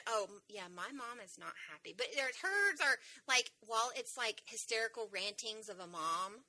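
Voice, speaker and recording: Woman podcast co-host, very bright voice, animated storyteller, swears casually. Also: fairly high pitch, normal speed, dry recording, low-quality recording. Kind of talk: casual chat.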